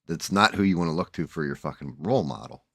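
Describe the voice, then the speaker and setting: A man's voice: rumbling low, lively intonation, fast talker, creaky, fairly bright tone, no echo, studio quality. A man hosting a casual livestream, rambling bluntly with profanity and frequent restarts, groggy from just waking up. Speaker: livestream host.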